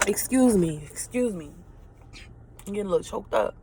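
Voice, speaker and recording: A woman's voice: mid-range voice, darkish tone, slight background noise. A woman in her late twenties giving an emotional motivational talk, earnest and preachy, repeating phrases for emphasis. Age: late 20s.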